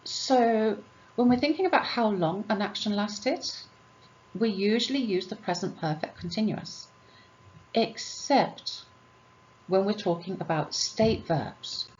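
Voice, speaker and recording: A female English teacher works through grammar exercises, patiently posing questions and then answering them herself. Her voice is medium-pitched, animated and slightly mellow, delivered at a slow pace, and the sound is lo-fi.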